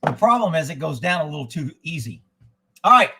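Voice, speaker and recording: A man's voice: on the high side, sing-song, brisk, noisy background. A man hosting a casual livestream and ranting in a folksy, profane, rambling way. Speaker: livestream host. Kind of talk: casual political rant.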